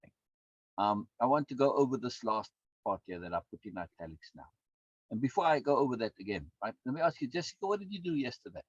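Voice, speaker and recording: Husky guy teaching casually, repeats himself a lot, dead dry muffled sound. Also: lively intonation, fast talker, dry recording. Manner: rambling, repeats words, big pitch swings. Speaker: course instructor. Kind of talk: conversational teaching. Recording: dull lo-fi dry recording.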